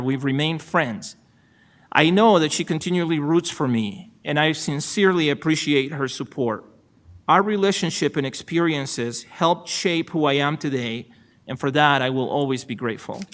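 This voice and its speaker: In a formal ceremony, a newly appointed state supreme court justice, a middle-aged man from El Salvador, gives his acceptance speech with a Salvadoran Spanish accent. His pitch is fairly high and his tone fairly bright, and he speaks in a measured, gracious way with dry humor at his own expense.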